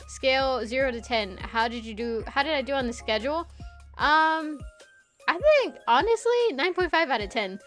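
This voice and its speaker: A woman's voice: a little high, a bit bright. A young adult woman streaming live and chatting casually with her viewers. She is giggly and swears freely. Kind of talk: casual livestream chat.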